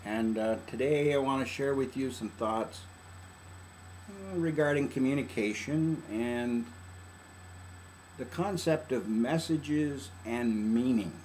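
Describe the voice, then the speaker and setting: A man's voice: medium pitch, slow pace, a little mellow, a little hiss or hum. An older man, a family counselor, talking through parenting advice in a folksy, conversational way. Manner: folksy, conversational, acts out quoted lines. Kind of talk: casual advice talk.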